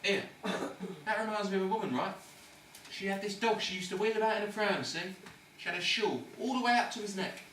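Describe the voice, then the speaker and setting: A man's voice: sits high, brisk, fairly bright tone. An actor playing a cynical, swaggering ladies' man in a hospital ward, lecturing in slang. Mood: scornful. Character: cocky London ladies' man, cynical patient. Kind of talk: amateur stage-style film acting. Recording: echoey room, distant mic, faint noise.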